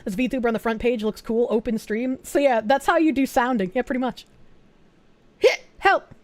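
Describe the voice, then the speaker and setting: A woman streamer talking casually to her chat, quick to get excited and free with swearing. Her voice sits high. The sound is dry and close, with no room in it. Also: dry recording. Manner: excitable, swears freely, reads chat aloud.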